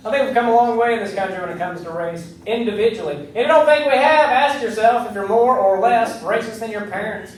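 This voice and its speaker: With a high voice and a brisk pace with few pauses, a man performs stand-up on a club stage, brash and punchy, imitating the people he quotes. Heard from a distance in a roomy recording with the crowd, there's audience laughter and a little hiss or hum.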